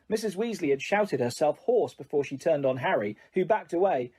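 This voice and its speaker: An audiobook narrator reading a story in a soft, hushed, even way. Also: medium pitch, moderate pace, few pauses, breathy edge.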